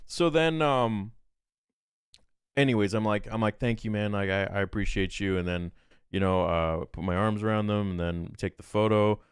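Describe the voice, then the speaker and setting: Clear and resonant with a lowish pitch, this podcast guest's voice is recorded dry with clean studio sound. He relates a story casually and animatedly, quoting himself and other people in rapid back-and-forth.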